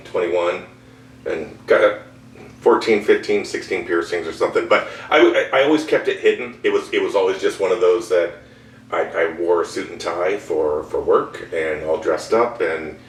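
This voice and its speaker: A man with a very deep voice who talks haltingly and keeps restarting his sentences. He is set back from the mic in an echoey room, with a faint hum underneath. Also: far from the mic. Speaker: comedian guest. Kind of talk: casual chat.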